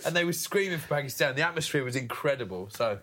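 A man, a podcast co-host and former cricketer, talks in a bright, ringing tone. He spins anecdotes with energy and acts out crowd voices as he goes. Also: fairly high pitch, fast. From England. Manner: lively storyteller who acts out voices. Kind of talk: casual chat.

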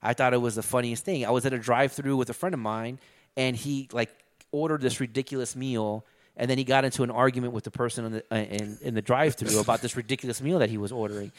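A man's voice: mid-range voice, steady tone, fast. A middle-aged man in a casual chat, telling a long story loosely, with lots of fillers and swearing.

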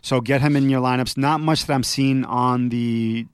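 A man co-hosting a casual podcast, giving relaxed advice with frequent ums. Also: mid-range voice, normal speed, clean tone, no room sound. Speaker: podcast co-host. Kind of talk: casual fantasy football chat.

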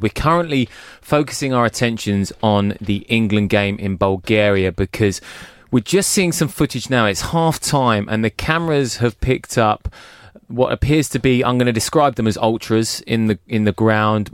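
A man presenting a sports radio show from the studio with a measured delivery. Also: on the low side, smooth, no room sound. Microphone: studio microphone.

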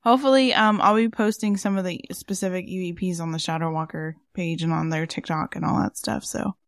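A woman's voice: fairly low pitch, fairly even intonation, a little fast, no room sound, clean studio sound. A woman co-hosting a podcast in casual chat, rambling with lots of fillers. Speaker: podcast co-host.

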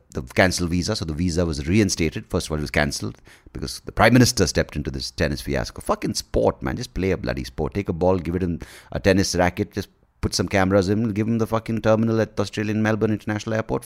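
Gravelly, profane ranting comedian man. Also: low-pitched, animated, quick pace. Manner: profane, rambling, self-mocking. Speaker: podcast host and comedian. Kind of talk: casual comedic rant.

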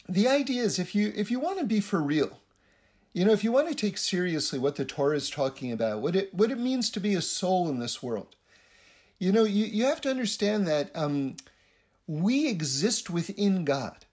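High-voiced man, rambling spiritual teaching. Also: darkish tone. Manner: rambling, repeats words, laughs.

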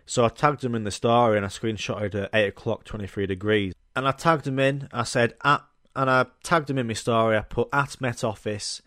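A young man rambles through a casual solo podcast, blunt and jokey, with plenty of swearing. His pitch sits in an ordinary middle range. The recording is dry and close, with no room sound. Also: steady tone, a little fast, a bit bright, no echo. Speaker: podcast host.

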